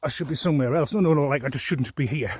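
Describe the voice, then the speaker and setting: A man's voice: on the high side, very fast, a little mellow, husky, no echo. A man ranting angrily to the camera in a rambling, profane, aggrieved way. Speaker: vlogger. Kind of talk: angry personal rant.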